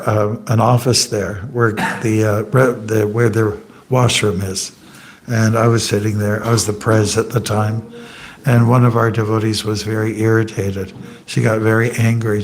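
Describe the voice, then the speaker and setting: A monk giving an informal scripture class in a temple hall, telling anecdotes, joking and quizzing the audience. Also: male voice, lowish voice, a little hiss or hum. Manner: chatty and joking, asks the audience questions.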